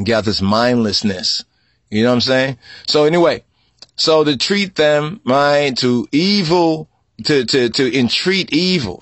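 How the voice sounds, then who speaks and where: A man teaching scripture in a repetitive style, asking "right?" again and again and breaking into loud outbursts. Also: medium pitch, no echo. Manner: repetitive, asks "right?" constantly, spells out word meanings. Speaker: religious teacher.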